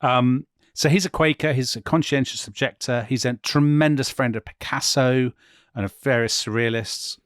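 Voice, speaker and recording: A man co-hosting a history podcast, telling a story in animated, casual conversation and laughing often as he goes. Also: mid-range voice, normal speed, dry recording, studio quality.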